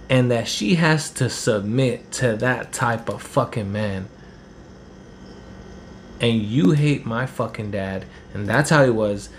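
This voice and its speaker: Gravelly guy telling stories. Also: medium pitch, a little hiss or hum. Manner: profane, rambling, heated. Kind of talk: casual storytelling.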